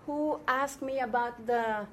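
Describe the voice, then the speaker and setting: Slow, animated woman teaching scripture. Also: a little high, slight background noise. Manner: animated, explains step by step with frequent checks. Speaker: Bible and Hebrew teacher. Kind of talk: informal Bible lesson to a small group.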